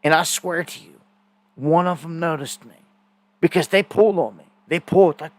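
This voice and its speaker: Male stream host, casual rambling storyteller, somewhat high voice, dead-dry sound. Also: moderate pace, dry recording. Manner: rambling storytelling with fillers and repeated words. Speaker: host of a live news stream. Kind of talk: casual live-stream monologue.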